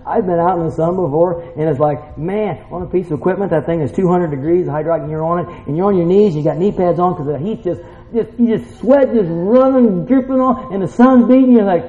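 A male pastor preaching a sermon in a church, folksy and casual, swinging from hushed asides to excited outbursts. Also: fairly high pitch, moderate pace. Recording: roomy, dull hall sound.

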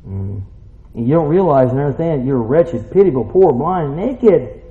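A male pastor preaching a sermon in a church, folksy and casual, swinging from hushed asides to excited outbursts. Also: fairly high pitch, moderate pace. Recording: roomy, dull hall sound.

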